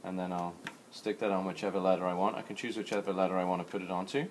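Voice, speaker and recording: A man's voice: sits low, steady tone, fast talker, a little hiss or hum. A man walking through a how-to demonstration on a laptop, explaining each step plainly and in order, like a teacher. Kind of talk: screen-recorded how-to walkthrough.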